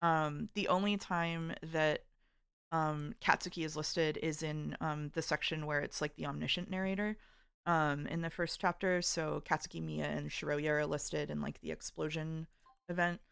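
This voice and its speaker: A woman with a low, gravelly voice talks casually on a stream, her speech smooth and crisp under the fry. She recaps at an unhurried pace, with lots of ums and uhs. The sound is close and dry, with no room echo. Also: fairly even intonation, fairly bright tone. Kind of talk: casual chat.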